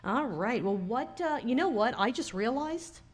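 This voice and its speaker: A woman's voice: fairly high pitch, lively intonation, unhurried. Woman, podcast co-host, casual chat, teasing, laughs a lot, recorded live at a bar. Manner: chatty, laughs often, teasing.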